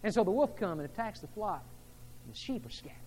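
A man preaching a sermon as pastor, moving between hushed, intimate passages and emphatic, rising delivery. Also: high-pitched, very animated, fast, big-room sound, slight background noise.

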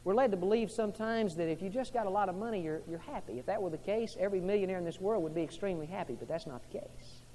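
A man preaching a sermon, dropping to soft, low passages and rising to loud, fervent preaching. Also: racing, hardly any pauses, long reverb tail, slight background noise.

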